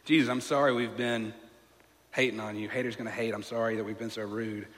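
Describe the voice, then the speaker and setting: A man's voice: on the low side, fairly even intonation, a little fast, fairly bright tone, pitched below the performer's own voice, close to an everyday voice. A man voicing a desperate father who pleads and hurries others along, in an urgent, pushy way. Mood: pleading. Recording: long reverb of a large hall.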